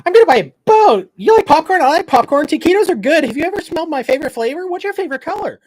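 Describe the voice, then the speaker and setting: A man putting on a hyper, giddy voice of a caffeine-wired weirdo, babbling random questions in a shrill, loud tone. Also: very animated, rapid-fire.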